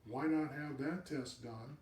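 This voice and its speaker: Guy hosting a live stream, mellow voice, punchy and repetitive, sounds kinda far off in a roomy space. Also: medium pitch, measured pace. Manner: emphatic, repeats words for stress. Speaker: host of a live video cast. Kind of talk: direct advice talk to viewers.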